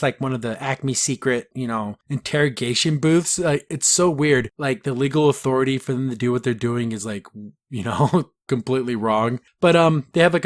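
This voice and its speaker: Man, mid-pitched voice, chatty podcast host loosely recapping a cartoon and chuckling at it. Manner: rambling, filler-heavy, laughs at the plot, acts out quotes. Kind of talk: casual episode recap.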